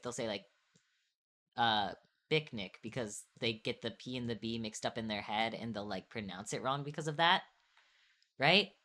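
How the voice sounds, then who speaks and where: A woman's voice: rumbling low, pushed and bright. A young woman streamer chatting casually, rambling and restarting her sentences with little laughs. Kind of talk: casual chat on an art stream.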